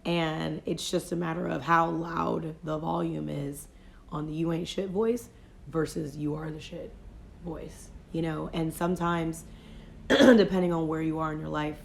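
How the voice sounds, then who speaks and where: A woman's voice: low voice, creaky, a little hiss or hum. A woman life coach giving a casual motivational talk on a phone livestream, speaking reflectively and often saying "you know".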